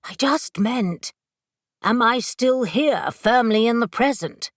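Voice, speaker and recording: A woman's voice: a little high, expressive, takes it slowly, no echo, studio quality. A woman voicing a blunt, impatient woman witch who speaks brusquely. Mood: urgent.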